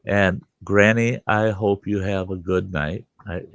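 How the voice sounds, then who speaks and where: Casting: male host, low and unhurried, salty joking manner. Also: fairly even intonation, no room sound. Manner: laid-back, salty, joking. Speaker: host of the livestream. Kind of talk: casual chat.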